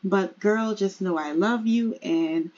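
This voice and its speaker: A woman voicing a loving young husband character in a life-simulation game, speaking gently and coaxingly to his pregnant wife. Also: medium pitch, slow, dull audio, pitched below the performer's own voice. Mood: tender. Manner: tender, coaxing.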